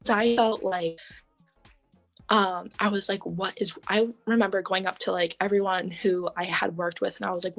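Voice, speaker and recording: A woman's voice: medium pitch, fairly even intonation, normal speed, creaky, faint music behind. Chatty young woman telling her story. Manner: chatty, lots of "like" and "um", laughs often. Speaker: podcast guest, hairstylist. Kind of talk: casual conversational storytelling.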